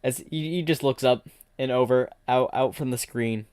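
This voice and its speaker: A man's voice: medium pitch, moderate pace, darkish tone, clear, resonant tone, no room sound, studio quality. A man streaming and narrating an improvised fan story, rambling and restarting sentences.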